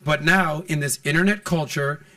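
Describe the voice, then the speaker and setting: A man hosting a podcast, talking casually and throwing himself into acted-out quotes. His voice sits a little high for a man, and he sounds a bit back from the microphone. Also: moderate pace, recorded from a distance. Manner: animated storyteller, acts out quotes. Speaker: podcast host.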